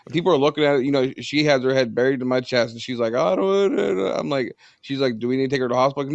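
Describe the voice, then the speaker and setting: A man's voice: mid-range voice, quick pace, vocal fry, few pauses, dry recording, highs cut off. A man in casual chat on a podcast, telling stories with many restarts and repeated words. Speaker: podcast guest.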